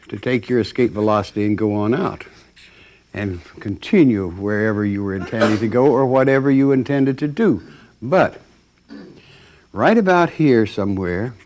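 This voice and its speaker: A man giving a storytelling talk, acting out the voices of the people in it, with plenty of ums and uhs. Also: on the low side. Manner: animated, acts out voices, many fillers. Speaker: lecturer.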